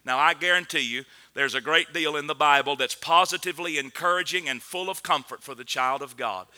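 A man preaching a sermon with earnest conviction, rising to loud emphatic passages and dropping to low, quiet stretches. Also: fairly quick.

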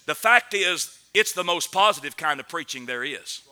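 A man delivers a sermon in a high, strikingly bright voice. He preaches with earnest conviction, building to loud, emphatic peaks and then dropping low and quiet. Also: lively intonation, moderate pace.

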